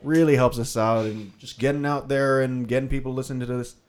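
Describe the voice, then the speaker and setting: A man's voice: mid-range voice, fairly even intonation, a little fast. A young man co-hosting a podcast, signing off in a wry, joking, laid-back way. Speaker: podcast co-host. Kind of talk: casual chat, sign-off.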